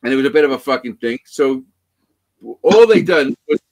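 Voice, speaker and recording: With a medium-pitched voice and a slightly quick pace, a man shares a rambling story as a guest on a podcast. The chat is casual, lively, and full of swearing.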